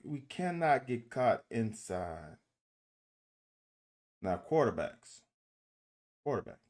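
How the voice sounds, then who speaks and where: Animated man breaking down football film. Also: mid-range voice, slow. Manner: animated, exasperated coaching critique with swearing; addresses viewers directly as "y'all". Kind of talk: casual game-film commentary.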